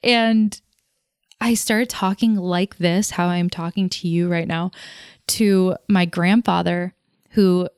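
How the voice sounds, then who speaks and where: Smooth-voiced woman musing at length. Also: fairly low pitch, fairly even intonation, slow, a little mellow, no echo, clean studio sound. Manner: rambling, goes off on tangents; laughs at herself. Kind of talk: casual reflective monologue.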